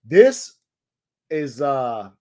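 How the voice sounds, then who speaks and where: A young man hosting a casual daily live stream, talking excitedly in slang and greeting viewers in the chat. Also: medium pitch, extremely slow.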